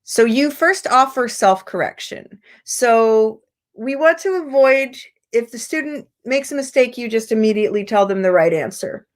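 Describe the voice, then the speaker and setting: An American woman teacher trainer giving an online lecture, patient and explanatory, her pitch jumping up when she acts out prompts. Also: expressive, moderate pace. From United States.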